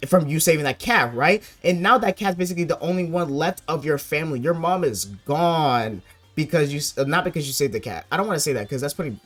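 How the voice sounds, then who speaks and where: A man recapping a manga chapter in casual, slangy chat, getting loud and worked up when upset. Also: on the high side. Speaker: manga reaction youtuber.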